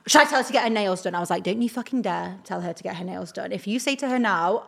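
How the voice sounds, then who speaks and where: A woman's voice: medium pitch, fast talker, creaky. A young woman, a talent agent, telling a story as a podcast guest. She acts out the quoted dialogue and says "like" a lot. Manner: animated retelling, acts out quoted dialogue, heavy use of "like". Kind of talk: casual storytelling chat.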